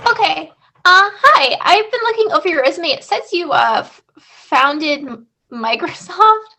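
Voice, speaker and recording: A woman performing online improv comedy, with a vain, self-absorbed, drawn-out delivery. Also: very high-pitched, animated, bright, forceful tone.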